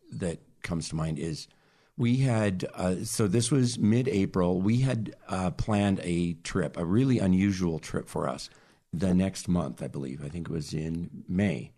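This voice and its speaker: A man guest telling a personal story in a hesitant way, pausing and searching for words. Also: deep voice, darkish tone. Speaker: interview guest.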